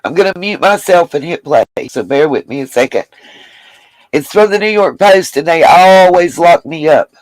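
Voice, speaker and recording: A woman's voice: deep voice, lively intonation, moderate pace, darkish tone, no echo, low-quality recording. A woman hosting her own vlog, chatting casually to viewers and apologizing as she goes. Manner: chatty, apologetic asides, addresses viewers as y'all. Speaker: vlogger host.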